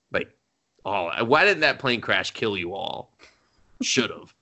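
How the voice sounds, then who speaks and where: A man co-hosting a podcast in casual chat, animated and profane, laughing often as he recaps shows over a remote call. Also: on the low side, takes it slowly. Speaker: podcast co-host.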